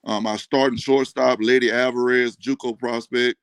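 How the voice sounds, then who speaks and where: A man's voice: mid-range voice, moderate pace, clean tone, no room sound. Male baseball commentator guest; plain matter-of-fact delivery, dry close-miked sound. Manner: even, matter-of-fact, with frequent "um". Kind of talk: casual sports chat.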